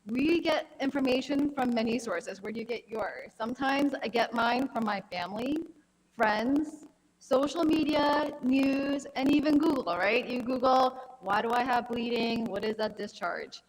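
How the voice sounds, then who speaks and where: A woman's voice: fairly high pitch, moderate pace, big-room sound, rough recording. A woman in her thirties, a gynecologic oncologist, giving a friendly, anecdotal health talk at a conference. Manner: friendly, anecdotal, conversational lecturing. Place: conference hall.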